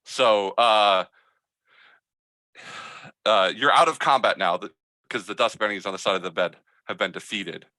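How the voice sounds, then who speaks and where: A man narrating a tabletop game as game master, telling the scene in a loose, halting way with many fillers. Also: on the low side, sharp tone, dry recording. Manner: hesitant, filler-heavy storytelling.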